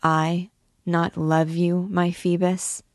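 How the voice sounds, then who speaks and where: A woman's voice: lowish voice, little pitch movement, slow pace, dry recording, studio quality. A woman reading the lines of a young, passionate gypsy dancing girl, pleading and lovestruck.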